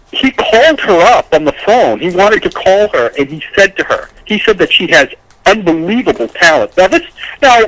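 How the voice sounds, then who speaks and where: Casting: high-pitched man, rambling, stumbling over words, heartfelt casual chat. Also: a bit bright, no echo, poor audio. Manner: rambling, repeats words, gets emotional. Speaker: podcast co-host, agent.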